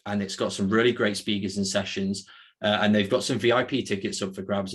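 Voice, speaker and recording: Low, husky, flat-voiced male webinar host. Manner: upbeat, housekeeping announcements with frequent "uh" fillers. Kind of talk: live webinar introduction. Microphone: video call.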